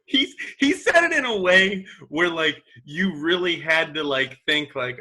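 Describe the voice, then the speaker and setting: A male comedian guest joins the chat with dry, joking asides. His voice sits a bit high and bright, with lively rises and falls. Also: unhurried. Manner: wry, chiming in with jokes and laughter. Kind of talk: casual chat.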